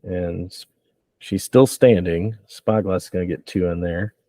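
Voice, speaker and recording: A man running a tabletop game as game master, narrating with relaxed banter and frequent laughs. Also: deep voice, unhurried, dry recording.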